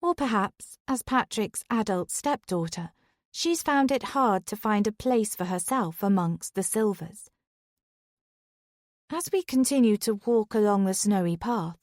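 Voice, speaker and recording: A woman reading a first-person thriller audiobook in a calm, even storytelling voice. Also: medium pitch, unhurried, no room sound, clean studio sound. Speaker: audiobook narrator.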